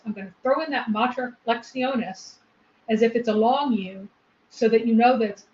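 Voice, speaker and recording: Woman co-host, patient explainer, slightly high voice, dull lo-fi sound. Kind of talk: explanatory discussion. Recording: echoey, lo-fi room recording.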